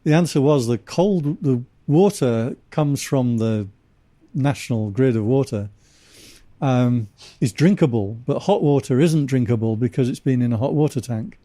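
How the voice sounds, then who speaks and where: A man from England, a monk guest on a podcast, telling anecdotes in a casual, wry way with animated asides. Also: mid-range voice, normal speed, no echo. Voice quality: dry humor, animated anecdotes with laughs. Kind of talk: casual storytelling conversation.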